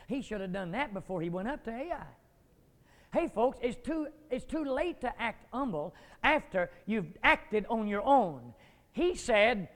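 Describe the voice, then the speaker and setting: A man preaching a dramatic sermon, acting out biblical figures and climbing to near shouts. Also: very high voice, lively intonation, normal speed. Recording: long hall reverb.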